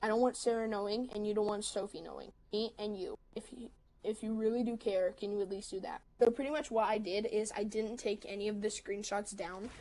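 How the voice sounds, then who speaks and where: A woman on a livestream telling a story in a casual way, quickly quoting both sides of a text argument. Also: medium pitch, steady tone, dark tone, poor audio. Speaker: livestream host.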